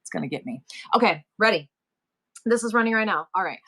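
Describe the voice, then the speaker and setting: A woman in her forties selling on a live stream, chatting casually and practicing rapid auctioneer-style number chants. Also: fairly high pitch, big pitch swings, bright, forceful tone.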